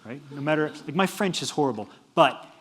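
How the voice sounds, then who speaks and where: A man's voice: fairly high pitch, brisk, husky. Joking man giving a lecture. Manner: joking, animated, laughs at his own jokes. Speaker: university lecturer. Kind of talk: humorous public lecture. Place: lecture hall.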